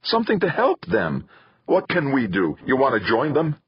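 A man's voice: mid-range voice, very animated, moderate pace, husky, dry recording, pitched above the performer's own voice. A man voicing an earnest young son who pleads in a raised, urgent voice. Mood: distraught pleading. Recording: slightly muffled.

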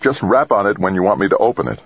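A man's voice: lowish voice, sing-song, fast talker, vocal fry, husky, dry recording, muffled recording, pitched above the performer's own voice, heavily acted. A man voicing an eager, helpful male astronaut crewmate in a story.

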